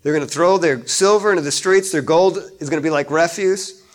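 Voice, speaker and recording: A male pastor preaching a sermon, chatting with his congregation and rising loud when he reads scripture. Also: on the high side, a little fast. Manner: conversational preaching, rises loud on scripture readings.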